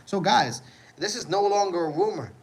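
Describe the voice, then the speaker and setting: Hosting a laid-back livestream, a man reads chat comments aloud and responds in a meandering way, frequently saying "you know what I mean." His high voice is expressive and slightly rough, at a moderate pace, and the audio quality is poor.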